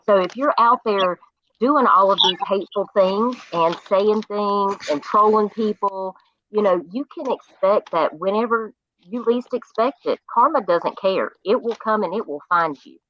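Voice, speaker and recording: A woman's voice: mid-range voice, a little slow, fairly bright tone, no echo, dull audio. A woman from South Carolina with a Southern accent, talking earnestly on a group panel. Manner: earnest, reflective, preachy. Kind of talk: casual group chat.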